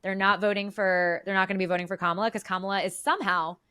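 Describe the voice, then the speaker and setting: A woman's voice: medium pitch, fairly even intonation, fast, pushed and bright, clear, resonant tone, dry recording. Emphatic opinionated woman, dry close sound. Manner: emphatic, opinionated, builds points with repeated restarts. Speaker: podcast co-host. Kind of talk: casual political chat.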